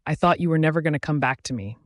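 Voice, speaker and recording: A man doing a soft tearful young woman. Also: on the high side, very fast, no room sound, clean studio sound, close to an everyday voice. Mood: scared. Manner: soft, sobbing.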